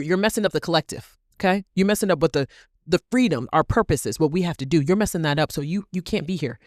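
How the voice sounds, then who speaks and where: Animated woman podcast host, dry sound. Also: on the low side, no room sound. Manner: animated, repeats phrases for emphasis, rhetorical questions. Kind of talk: solo podcast monologue.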